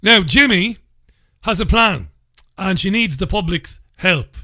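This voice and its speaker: A man's voice: high-pitched, lively intonation, measured pace, sharp tone, no echo, studio quality. A man hosting a radio talk show, chatting casually and reading out listener comments in a sardonic, blunt and sometimes profane way.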